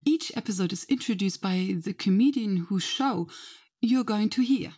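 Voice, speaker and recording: An Australian woman hosting a podcast, earnestly recommending other shows in a measured way. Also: mid-range voice, mellow. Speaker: podcast host.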